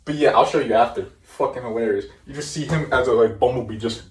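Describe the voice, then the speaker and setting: A man's voice: mid-range voice, fast talker. A young man co-hosting a casual podcast, laid-back and swearing, easily amused. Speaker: podcast co-host and editor. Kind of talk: casual chat. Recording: roomy room, mic at a distance, faint noise.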